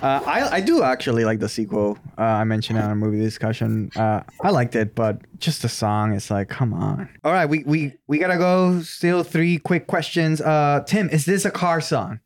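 A man co-hosting a podcast, chatting in a playful, animated, jokey way. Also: mid-range voice, moderate pace, hardly any pauses. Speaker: podcast co-host. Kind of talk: casual podcast chat.

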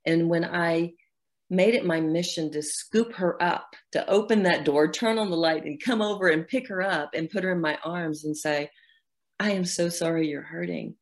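A woman's voice: fairly low pitch, normal speed. A middle-aged woman, a guest author in an interview, talking earnestly about her own healing and acting out her inner dialogue. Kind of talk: reflective interview talk.

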